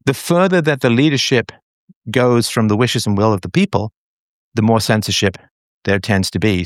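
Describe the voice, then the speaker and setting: A man with a fairly low voice hosts a call-in show, speaking in a measured, reflective way. He often repeats himself and pauses on fillers as he thinks. The sound is dry and close, with no room around it. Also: no echo. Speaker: show host taking callers.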